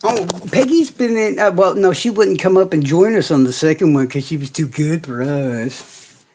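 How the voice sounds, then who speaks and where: A man's voice: on the high side, moderate pace, mellow. A man hosting a casual livestream, ranting in heavy profanity and answering viewers' comments directly. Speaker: livestream host.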